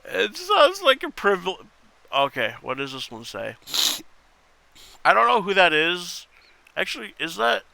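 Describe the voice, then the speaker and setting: A man's voice: high voice, animated, measured pace, creaky, long pauses, pushed and bright, a little hiss or hum. A man reading internet posts aloud in casual commentary, wry and muttering, with casual swearing. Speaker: content creator reading posts.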